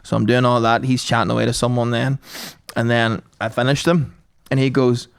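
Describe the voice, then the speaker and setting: A man's voice: mid-range voice, level tone, brisk, gravelly, smooth. A man, hosting a podcast and telling crude, self-mocking comic stories. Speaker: podcast host. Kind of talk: comic storytelling.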